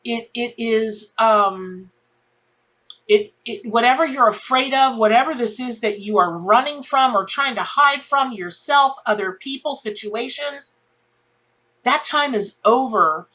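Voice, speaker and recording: A woman's voice: a little high, a little slow, fairly bright tone. A middle-aged woman giving a casual spoken tarot reading. She rambles in a heartfelt way, often repeating herself and restarting her sentences. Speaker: tarot reader.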